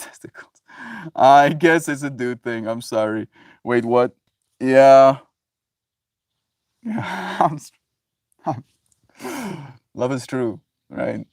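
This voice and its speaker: A man's voice: mid-range voice, slow, long pauses, darkish tone, dry recording, studio quality. A man livestreaming, musing on love and forgiveness in a rambling way, laughing often as he reads chat. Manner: rambling, laughs often, loose filler-heavy talk. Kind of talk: casual spiritual musing.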